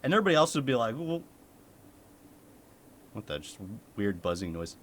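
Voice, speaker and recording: A man's voice: medium pitch, very animated, moderate pace, a little hiss or hum. A young man from the United States, a streamer chatting casually with his chat, laughing often and swearing.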